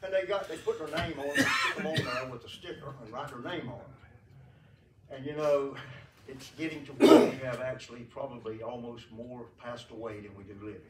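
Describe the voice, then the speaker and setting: Over a noisy crowd, this mid-range male voice moves at a moderate pace through a rambling, folksy eulogy in a church sanctuary, full of fillers and frequent chuckles. It's captured from afar, so the room sounds echoey.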